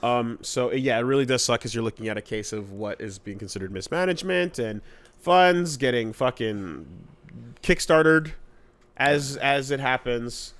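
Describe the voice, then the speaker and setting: A man hosting a casual podcast chat, rambling with fillers and swearing, his voice jumping high when exasperated. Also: moderate pace, fairly bright tone. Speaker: podcast host.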